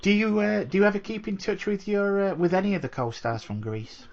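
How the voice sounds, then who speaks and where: A man's voice: sits high, a little fast, darkish tone. A man hosting a podcast interview, asking questions in a hesitant way. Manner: hesitant, with fillers and restarts. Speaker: podcast host. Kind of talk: casual interview. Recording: dull lo-fi audio.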